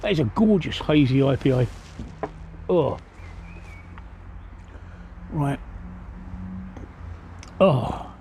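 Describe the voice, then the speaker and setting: Cockney man livestreaming from a pub terrace, mellow, swears a lot. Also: mid-range voice, lively intonation, very slow, pauses often, a little hiss or hum. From East London, England. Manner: rambling and blunt, swears freely. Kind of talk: casual livestream chat answering viewers. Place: outdoor pub seating by a street.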